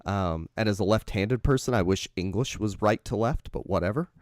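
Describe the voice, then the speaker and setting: A man's voice: fairly low pitch, normal speed, darkish tone, dry recording. Guy chatting about movies, wanders around while recapping, dry close sound. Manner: meandering, thinking aloud while retelling a plot. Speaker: podcast co-host. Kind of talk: casual chat about films.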